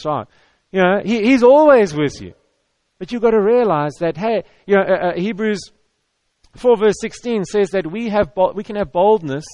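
A man's voice: high voice, no echo. A man preaching a sermon to an audience, talking in a conversational, repetitive way with stammered restarts. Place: church hall with audience.

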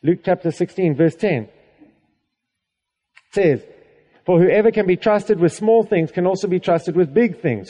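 In a high-pitched, mellow voice, a man preaches to his congregation in an easygoing, chatty way. He checks in with them often and laughs along, and the hall gives the recording an echoey reverb.

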